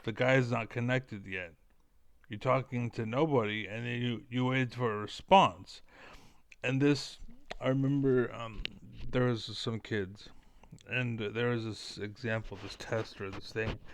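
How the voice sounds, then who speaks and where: A man talking casually to camera in a rambling, blunt and self-assured way, with a smooth voice. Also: mid-range voice, dry recording. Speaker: online commentator.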